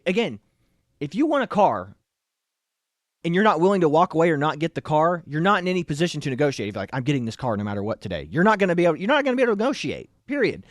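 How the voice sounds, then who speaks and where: A man's voice: a little high, no echo, studio quality. A man co-hosting a casual political talk show, rambling and opinionated with frequent restarts. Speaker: co-host.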